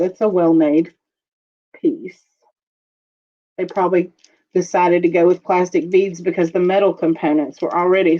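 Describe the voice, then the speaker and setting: Slow-talking woman running a live jewelry auction. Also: lowish voice, darkish tone, dull audio. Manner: slow, chatty, describing pieces while reading viewer bids. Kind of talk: casual live auction chat.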